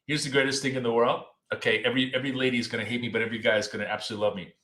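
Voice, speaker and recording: Man, live trading chat, casual and blunt, swears a lot, forceful bright voice, roomy echo. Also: mid-range voice, level tone, rapid-fire. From Russia. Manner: blunt, joking, swears freely. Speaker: trading show co-host.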